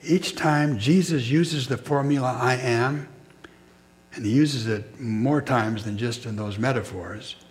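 This is a sermon from a man speaking at medium pitch, calm and reflective, breaking his words into short phrases separated by pauses.

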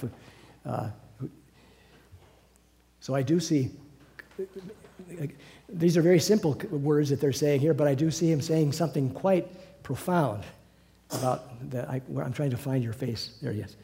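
A man's voice: mid-range voice, moderate pace, creaky, mellow. An older man teaching a Bible class over a video call, musing aloud with many restarts.

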